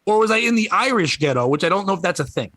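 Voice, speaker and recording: A man's voice: high-pitched, very animated, a bit bright, no echo. A comedian in his thirties from Connecticut, chatting on a podcast with jokes and swearing. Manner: joking, swearing, quick riffs. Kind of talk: casual chat.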